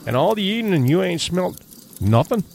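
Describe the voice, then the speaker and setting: A man voicing an uneasy backwoods hunting guide in an audiobook, speaking in rough dialect, grave and low-key. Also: sing-song, moderate pace, darkish tone, slight background noise, exaggerated voice. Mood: probing. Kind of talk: audiobook character reading.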